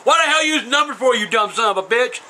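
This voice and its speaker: A man's voice: very high-pitched, lively intonation, quick pace, pushed and bright, heavily acted, low-quality recording. A man playing a cranky, foul-mouthed old trailer-park man who rambles and hurls insults while answering questions in a comedy Q&A. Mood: cursing. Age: older. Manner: profane, rambling, insulting ranting. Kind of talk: comedic character Q&A.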